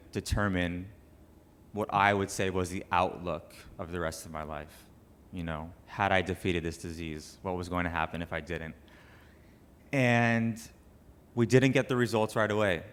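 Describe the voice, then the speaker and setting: A young man with a low voice speaks to a banquet room full of people at a charity event. He tells his story as a cancer survivor, earnest and emotional. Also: a bit bright, slight background noise. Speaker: cancer survivor giving a speech.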